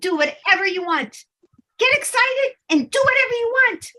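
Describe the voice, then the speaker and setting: A woman's voice: very high voice, expressive, moderate pace, sharp tone, voice pushed up, exaggerated voice, poor audio. A woman voicing a chorus of playful fairy guides, bubbly and pushy, cheering and repeating words over and over. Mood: gleeful urging. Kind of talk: channeled spirit message.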